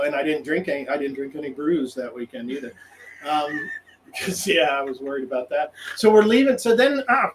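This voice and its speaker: A man's voice: fairly high pitch, a little hiss or hum, low-quality recording. A man guest on a podcast, telling a rambling story and laughing as he acts out what he said. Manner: animated, laughs through his stories; rambling, many restarts and quoted self-talk. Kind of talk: casual storytelling.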